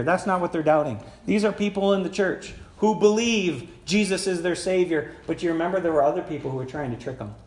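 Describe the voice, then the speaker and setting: A man's voice: on the high side, reverberant. A man preaching a sermon as pastor, talking conversationally and putting questions to the congregation. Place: church sanctuary.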